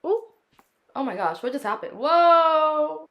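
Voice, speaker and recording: A woman's voice: medium pitch, expressive, moderate pace, dull audio. A woman hosting her own solo podcast, chatting casually in a sassy, opinionated, dramatic way, sometimes stretching words in a sing-song. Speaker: podcast host.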